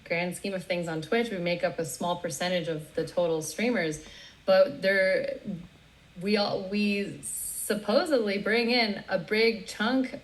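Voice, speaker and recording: A woman DJ as a guest in a casual interview, talking in a relaxed, rambling way. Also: mid-range voice, a little slow, low-quality recording. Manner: relaxed, rambling, lots of you knows and likes.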